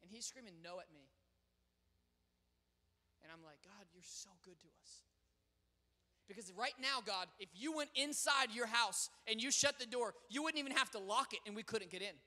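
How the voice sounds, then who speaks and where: A young man preaching a sermon as pastor, swinging between loud proclaiming and quiet storytelling. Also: high voice, expressive, moderate pace. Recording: long reverb of a large hall.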